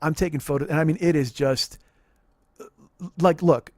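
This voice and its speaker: A man in his forties telling a profane, animated comic story on a podcast. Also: fairly high pitch, normal speed, no echo, clean studio sound. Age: 40s.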